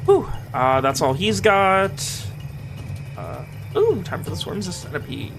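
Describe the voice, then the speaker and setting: A man acting as game master, narrating the action with lots of ums and quick self-corrections. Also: sits high, huge pitch swings, gravelly, over music. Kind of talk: running a tabletop game.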